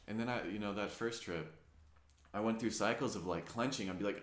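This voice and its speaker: A man's voice: on the low side, fairly quick. A man in his twenties telling a personal story in a meandering, earnest way, full of fillers and casual swearing. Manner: earnest and reflective. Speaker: vlogger. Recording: roomy echo.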